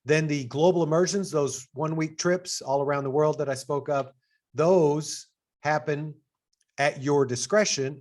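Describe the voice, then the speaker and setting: A middle-aged man speaks with a Texas twang as he presents an information session to prospective students. His delivery is casual and upbeat, and his pitch jumps up on the points he wants to stress. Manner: upbeat and conversational, with sudden pitch jumps for emphasis. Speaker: assistant dean hosting an information session.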